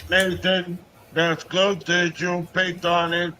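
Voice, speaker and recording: A man voicing a monotone male AI robot with a slow, stiff delivery during a casual livestream chat. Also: high-pitched, a little hiss or hum, full character voice, low-quality recording. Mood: deadpan robotic. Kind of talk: playful put-on voice on livestream chat.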